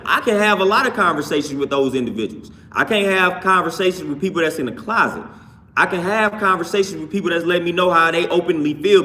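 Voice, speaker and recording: A man with a high, bright voice preaches on his livestream shortly after a workout. Reading the chat casually, he repeats phrases, sounds preachy, and greets chatters by name.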